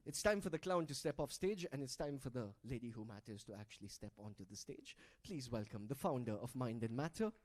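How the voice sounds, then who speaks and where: A man's voice: mid-range voice, lively intonation, fairly quick, hardly any pauses. A man hosting a live event on stage, playfully teasing and coaxing the audience into group activities over a handheld mic. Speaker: event host.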